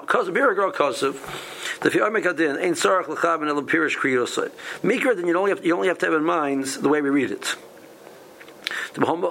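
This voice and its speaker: Halting man teaching a Torah class. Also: on the high side, gravelly, a bit bright, slight background noise, poor audio. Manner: halting, many restarts and repeated words. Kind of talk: halachic lesson.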